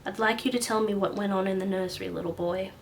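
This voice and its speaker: A calm, patronizing male doctor who murmurs softly, as a woman reading a story puts him on. His voice sits a little low and hushed. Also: fast talker, creaky, slight background noise, natural voice. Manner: soft-spoken, murmuring.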